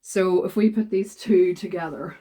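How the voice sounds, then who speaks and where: Woman, chatty vlogger, a bit low-pitched, rambling storyteller. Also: moderate pace. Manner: chatty, animated retelling with quoted voices. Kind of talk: casual chat, storytelling.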